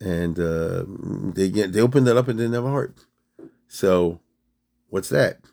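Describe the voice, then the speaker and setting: A man's voice: sits low, a little slow, vocal fry, dark tone. A man giving an informal spoken lecture on history, chatty and digressive, often asking his listeners rhetorical questions.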